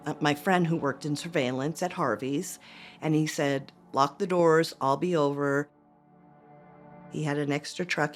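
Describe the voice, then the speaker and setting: A woman giving interview testimony, retelling events in a halting, animated way and acting out the dialogue. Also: low-pitched. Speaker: interviewee, former girlfriend.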